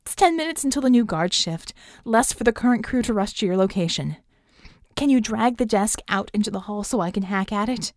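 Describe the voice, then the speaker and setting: Woman voicing a hoarse, urgent hacker woman. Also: medium pitch, expressive, a little fast, no room sound, clean studio sound, natural voice. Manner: yelling urgent instructions.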